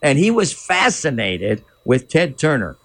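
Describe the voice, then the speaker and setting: A man's voice: mid-range voice, wildly swooping pitch, measured pace, a bit bright, slight background noise. A man in his sixties, a former entertainment reporter, telling an anecdote as a guest, laughing often and imitating voices. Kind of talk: casual storytelling.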